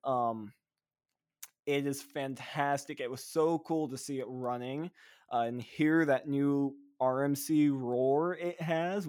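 A man co-hosting a laid-back podcast, chatting with eager excitement. He rambles freely, leaning on fillers like "um" and "like" and restarting his sentences as he goes. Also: medium pitch. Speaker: podcast co-host. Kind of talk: casual chat.

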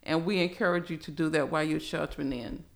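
A middle-aged woman, a pastor who speaks earnestly and deliberately while teaching scripture on a podcast. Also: sits low, steady tone, creaky.

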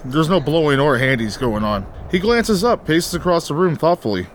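A man's voice: a little high, sing-song, moderate pace, noisy background. A man reading the stage directions of a comedy parody aloud, dry and wry. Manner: dry, wry, breaking into laughs. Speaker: narrator of the parody.

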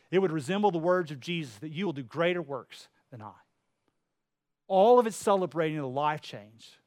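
A man preaching a sermon in a church, swinging between loud, emphatic lines and hushed, quiet ones. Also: a little high. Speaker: pastor. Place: church sanctuary.

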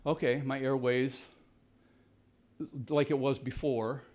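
A man telling a rambling, self-deprecating personal story to a live audience, his voice jumping high when the story turns tense. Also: level tone, slow, a little mellow. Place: jungle home on a tropical mountain.

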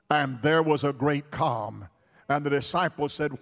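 A male preacher delivering a sermon in a measured, drawn-out rhythm, his voice sitting somewhat high for a man. He builds emphasis through repetition and breaks into sudden shouts. His words ring out with a long hall reverb behind them.

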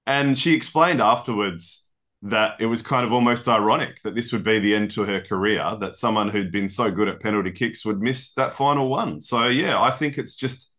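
A man co-hosting a casual sports podcast, chatty and quick to laugh, with mock-legal banter. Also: mid-range voice, a bit bright. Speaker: podcast co-host.

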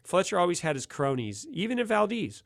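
A man's voice: high voice, fairly quick, vocal fry, no echo, clean studio sound. A middle-aged man telling a wild story in casual, slangy chat, laughing often. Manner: laughs often, animated, slangy ("dude", "gnarly").

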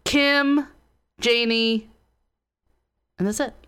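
A woman co-hosting a podcast in relaxed casual chat and banter. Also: fairly high pitch, extremely slow, clear, resonant tone. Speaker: podcast co-host.

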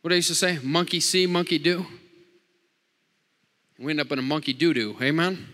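A man preaches a sermon in a hall with long reverb, joking with the congregation in call-and-response style, repeating lines and saying amen frequently. His voice is on the high side, brisk, bright, and forceful.

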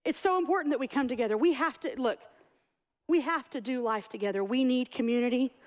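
A middle-aged woman delivers a sermon, her voice riding high. She preaches with animated conviction, acting out the people in her stories. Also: fairly quick. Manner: animated, storytelling with acted-out quotes. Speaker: pastor.

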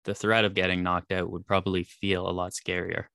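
A man from Canada hosting a podcast interview, measured and asking reflective questions. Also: low-pitched, flat delivery, vocal fry, bright, forceful tone, clean tone, no echo, studio quality. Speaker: podcast host.

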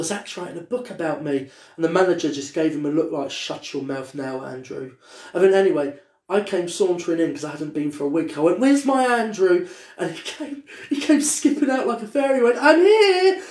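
A man co-hosting a casual podcast, animated and sweary, telling stories with lots of put-on voices. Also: sits high. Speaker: podcast co-host. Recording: echoey room.

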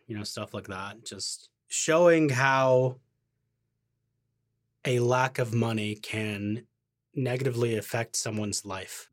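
A male podcast co-host with a middle-pitched voice. He talks casually but reflectively, drawing out themes in what is being discussed. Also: unhurried. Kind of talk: casual chat.

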